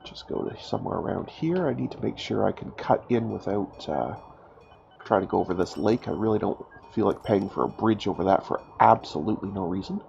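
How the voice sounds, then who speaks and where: Male gaming host, congested from a cold, gravelly and lively, casual self-mocking commentary; dull lo-fi mic. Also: on the low side, a little fast, faint music behind. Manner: chatty, self-mocking, thinking aloud. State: stuffed up from a cold. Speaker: gaming YouTuber. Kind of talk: casual let's-play commentary.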